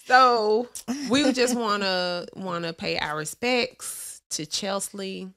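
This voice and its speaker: A young woman with a Southern US drawl, talking loosely and laughing easily as she co-hosts a podcast. Her tone is bright and forward, with a country twang running through the casual chat. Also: mid-range voice, slow, few pauses. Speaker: podcast co-host.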